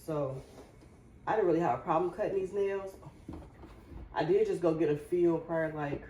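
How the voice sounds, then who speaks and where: A woman's voice: lowish voice, moderate pace, warm tone, echoey room, a little hiss or hum. A woman vlogger and mother, chatting casually and confidingly to her viewers while she cleans and cooks at home. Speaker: lifestyle vlogger, mother and wife. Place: home kitchen.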